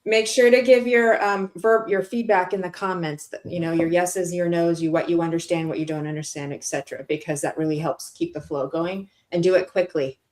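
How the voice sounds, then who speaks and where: A woman's voice: on the low side, steady tone, a little fast, few pauses, darkish tone. A woman co-hosting a live stream as a medium, playful and teasing in manner. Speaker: co-host medium.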